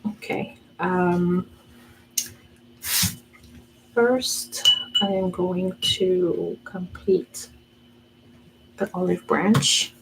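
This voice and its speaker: A woman's voice: fairly low pitch, steady tone, drawn-out words, vocal fry, long pauses, noisy background. A woman in her thirties chatting casually while she draws and paints, musing aloud and talking herself through each step. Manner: chatty, talks to herself as she works, laughs often. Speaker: art vlogger.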